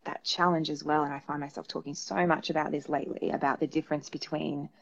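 Aussie woman psychologist, really low voice, chatty and blunt, muffled video call sound. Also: fast, vocal fry. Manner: lively, frank, repeats words when emphatic. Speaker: psychologist guest. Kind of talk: casual interview chat.

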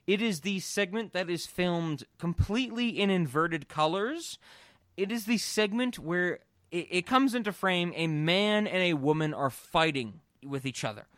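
A man hosting a podcast in casual chat, rambling and animated with lots of fillers and free swearing. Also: sits high, measured pace, no room sound, clean studio sound. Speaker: podcast host.

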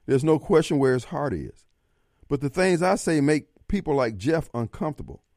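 A man's voice: medium pitch, a little mellow, no echo, clean studio sound. A man hosting a call-in talk radio show, blunt and streetwise in his delivery.

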